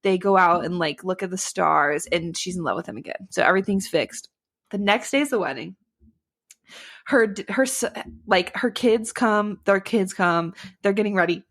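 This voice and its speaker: A woman's voice: medium pitch, a bit bright. Chatty sarcastic young woman podcaster. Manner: chatty, sarcastic, laughs often, quick asides. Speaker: podcast co-host. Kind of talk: casual chat recapping a book.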